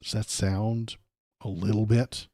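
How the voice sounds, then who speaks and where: Male livestream host with a lowish voice, dry close sound, rambling sardonic commentary full of fillers. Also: flat delivery, slow, dark tone, no room sound. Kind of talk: casual live commentary.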